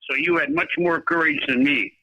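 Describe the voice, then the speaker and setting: An older man from North Dakota speaks with that region's accent in a very bright, forceful tone. He is a former basketball coach as an interview guest, spinning folksy anecdotes with old-fashioned sayings. The sound is close and dry. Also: on the high side, wildly swooping pitch, brisk, creaky, no echo, lo-fi sound. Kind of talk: interview storytelling.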